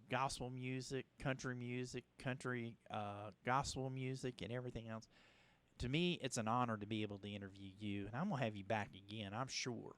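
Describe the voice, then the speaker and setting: A man from Louisiana, hosting a radio interview in a halting, rambling way. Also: mid-range voice, a bit bright, clean tone. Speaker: host. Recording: radio broadcast.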